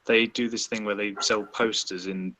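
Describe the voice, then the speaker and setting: A young man with a somewhat low voice chats on a live stream. He is hesitant and full of fillers, often restarting his sentences. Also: flat delivery, normal speed, sharp tone, a little hiss or hum, low-quality recording. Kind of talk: casual live stream discussion.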